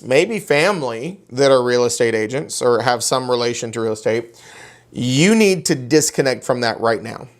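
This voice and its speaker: A man lecturing a real estate class in a folksy, playful way. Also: medium pitch.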